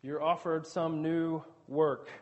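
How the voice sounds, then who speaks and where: A man's voice: a little high, flat delivery, slow, muffled recording. A man preaching a sermon in an earnest, conversational teaching manner, with asides to the congregation.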